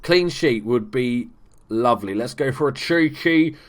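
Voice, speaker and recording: A man talks his way through a football management game in a loose, joking way. He swears casually and jumps into loud, excited shouts when his team scores. His voice sits at an ordinary middle pitch. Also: unhurried. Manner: chatty, swears, bursts into excited shouts at goals. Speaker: gaming YouTuber. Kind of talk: casual let's play commentary.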